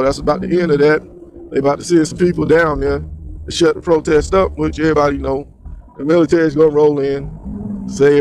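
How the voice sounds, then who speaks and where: A man's voice: on the high side, vocal fry, slight background noise. A man giving slangy, rambling solo commentary on the news.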